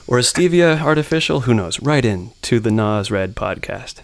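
A man's voice: medium pitch, expressive, moderate pace, slight background noise. A man chatting as a guest on a comedy podcast, playful and jokey with mock-formal asides. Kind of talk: casual comedic podcast chat.

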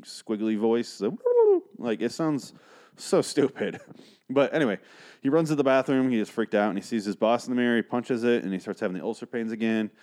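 Lower-voiced man ranting through a recap. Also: a little mellow. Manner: profane, ranting, sarcastic. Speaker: episode reviewer. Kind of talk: casual recap and commentary.

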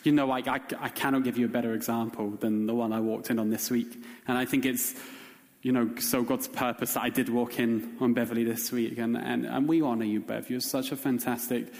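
A man's voice: medium pitch, fairly even intonation, a little fast, creaky, a little mellow. A man preaching a sermon as pastor, earnest and emphatic, repeating phrases as he builds his point. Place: church hall. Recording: reverberant church hall.

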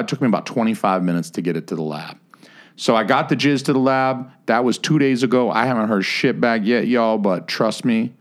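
A man with a fairly low voice co-hosts a casual podcast. He tells stories in a loose, profane way and gets animated as he goes. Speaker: podcast co-host. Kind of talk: casual chat.

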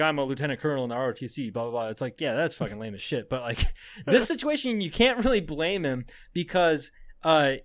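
Swearing, laughing storyteller, higher voice. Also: male voice, dry recording. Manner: rambling storytelling, heavy swearing, frequent laughter. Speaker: podcast co-host. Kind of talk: casual chat.

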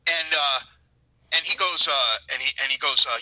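An excitable man spins a long anecdote at a rapid clip, with his voice leaping around a high, lively range. He stumbles over repeated words and slips into the voices of the people he quotes. His tone is bright and sharp, recorded dry and close. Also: dry recording, poor audio. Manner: animated storyteller, repeats words, acts out quotes. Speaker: guest, radio show host. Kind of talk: storytelling podcast chat.

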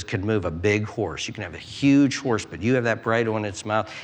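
A man preaching a sermon, acting out prayers and inner voices with animated delivery. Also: fairly low pitch, long reverb tail. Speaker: pastor. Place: church.

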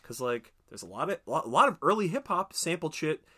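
He's a podcast co-host talking casually about a film, swearing, riffing, complaining, and doing mock voices. His fairly high voice is sing-song and brisk, a bit bright with a breathy edge.

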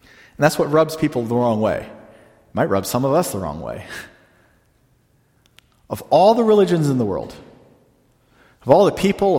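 A man, a pastor, preaching a sermon in a conversational way, slowing down to stress the lines he quotes. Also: fairly high pitch, darkish tone, long reverb tail.

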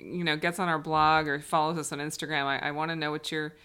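A woman from North Carolina co-hosting a podcast, chatty and playful with animated asides. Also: sits low, fast talker, clear, resonant tone. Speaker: podcast co-host. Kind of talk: casual chat.

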